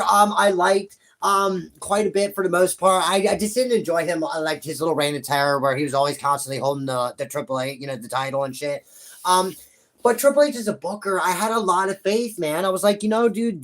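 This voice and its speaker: Heated, cursing young man ranting. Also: fairly high pitch. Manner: profane, heated, rambling with many restarts. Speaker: YouTube wrestling commentator. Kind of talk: ranting vlog commentary.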